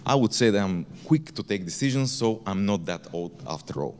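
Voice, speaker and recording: A man's voice: lowish voice, expressive, fairly quick, a little mellow, a little hiss or hum. A man, a company founder, giving a candid keynote talk in a conference hall, with blunt language. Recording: reverberant conference hall, faint ambience.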